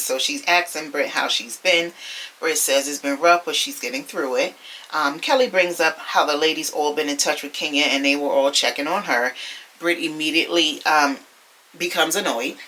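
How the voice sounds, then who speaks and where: A woman's voice: sits low, sharp tone, a little hiss or hum. A woman casually recapping a reality TV episode, chatty and sassy, talking straight to her viewers.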